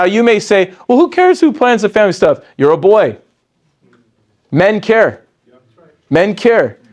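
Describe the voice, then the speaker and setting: A man in his forties giving an energetic motivational sales training talk, jumping up in pitch when excited and dropping low to quote others.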